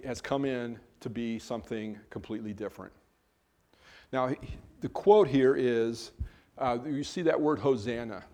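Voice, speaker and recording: Man preaching in a relaxed, chatty way. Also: medium pitch. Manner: conversational, explaining scripture with self-corrections. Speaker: pastor. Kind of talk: sermon.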